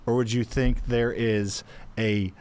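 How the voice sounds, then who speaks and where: A male co-host with a medium-pitched voice, chatting loosely on an investing podcast. He jokes, reasons out loud and drops the odd swear word in a relaxed, unscripted way. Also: takes it slowly, clean tone. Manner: loose and joking, thinks out loud, swears casually. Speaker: co-host of a real estate investing show. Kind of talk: casual podcast chat.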